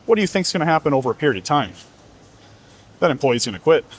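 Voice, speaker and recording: A man's voice: on the high side, very animated, fast, breathy edge. A man coaching about fitness in a blunt, profane, lecturing monologue. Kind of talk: motivational monologue.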